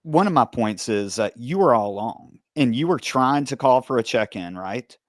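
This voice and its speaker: A man hosting a true-crime podcast interview, asking steady questions and recounting his side of events. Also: medium pitch, moderate pace, no echo, studio quality. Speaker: podcast host, former police officer. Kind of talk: conversational interview.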